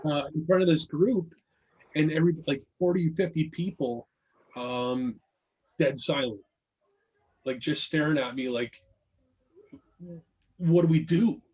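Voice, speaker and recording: Male podcast storyteller, husky voice, animated and profane, acts out the dialogue. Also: a little high, measured pace, long pauses, rough recording. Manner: animated, swears freely, acts out quotes. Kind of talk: casual storytelling.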